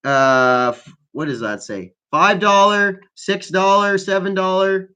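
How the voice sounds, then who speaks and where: A man's voice: sits high, slow pace, sharp tone, smooth. A man hosting a casual call-in chat, freestyle rapping and rambling with heavy profanity, stoned. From Canada. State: high on weed. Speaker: host.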